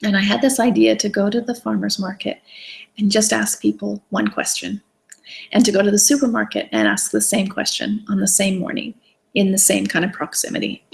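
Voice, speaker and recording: Woman host, gravelly edge to her voice, chatty and digressive storyteller, heard over a webcam call. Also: mid-range voice, animated, brisk, poor audio. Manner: enthusiastic, rambling, digressive. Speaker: wellness challenge host. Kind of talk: casual storytelling talk. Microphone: video call webcam.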